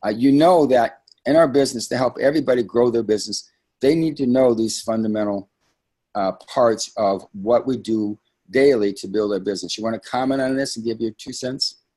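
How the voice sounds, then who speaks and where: Coaching his team through a sales training webinar, a man speaks fairly quickly in a husky, slightly breathy, medium-pitched voice with a warm tone. He keeps things conversational yet emphatic, wandering into frequent asides.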